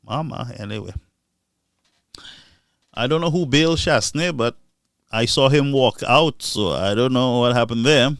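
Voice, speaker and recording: Man, political commentator, animated, mocking, raised voice, dry recording. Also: a little slow, long pauses, dry recording. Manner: animated, mocking, swings between loud outbursts and low asides. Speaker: live-stream political commentator.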